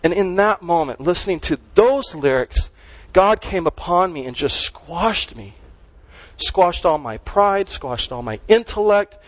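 A man's voice: high-pitched, animated, unhurried, dry recording, poor audio. A man preaching a sermon as pastor, stressing and repeating key words as he teaches.

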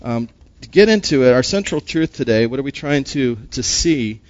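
A man's voice: mid-range voice, lively intonation, normal speed, darkish tone, no room sound. Emphatic preaching man, dull lo-fi sound. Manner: emphatic, asks rhetorical questions, repeats words. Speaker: pastor. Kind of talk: sermon.

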